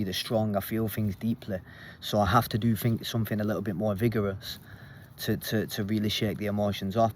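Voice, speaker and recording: A man's voice: lowish voice, darkish tone, slight background noise. A man giving a casual, earnest self-help talk as a coach, plain-spoken and repeating his points.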